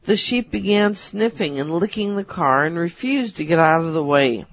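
A woman's voice: fairly low pitch, lively intonation, dry recording. Woman reading a story aloud. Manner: measured storytelling. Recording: dull, dry.

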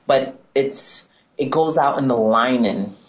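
A woman's voice: rumbling low, slow. A young woman co-hosting a casual chat show, telling stories with lots of laughter and quoted voices. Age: 20s. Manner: chatty storyteller, laughs often, animated quoting. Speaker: co-host. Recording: dull lo-fi sound.

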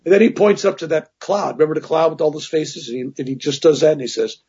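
A man's voice: fairly high pitch, animated, fast talker, darkish tone, husky. A man casually telling a personal story as an interview guest, rambling, with many restarts and asides. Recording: dull lo-fi recording.

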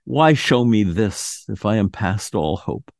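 A man's voice: fairly low pitch, animated, a little slow, darkish tone, no room sound. A man voicing a terrified old miser who pleads with a ghost in a quavering, raised voice, in a dry audio drama reading. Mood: desperate.

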